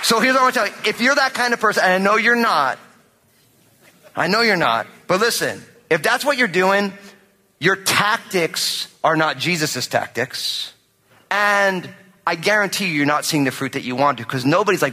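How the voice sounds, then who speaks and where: A man preaching a sermon as pastor, animated and jokey, acting out quotes from everyday life. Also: sits high, normal speed, a faint crowd. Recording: reverberant hall.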